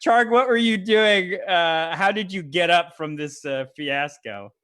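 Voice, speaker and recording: Male game master, bright tense voice, narrates a tabletop wrestling game with quick bursts of voices and laughter. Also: high-pitched, clear, resonant tone, dry recording. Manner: laughing, breaks into shouted character voices.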